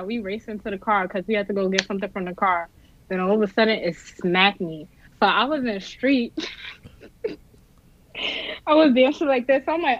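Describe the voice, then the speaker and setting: A woman telling a story in lively, laughing casual chat. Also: mid-range voice, moderate pace, pauses often, muffled recording, a little hiss or hum.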